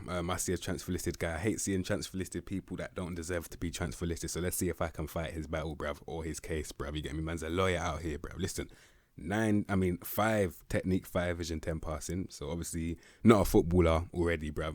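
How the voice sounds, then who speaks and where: Deep-voiced young man, blunt and slangy. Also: dry recording, clean studio sound. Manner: blunt, slangy, swears freely, bursts of loud emphasis. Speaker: gaming YouTuber. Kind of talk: casual game commentary.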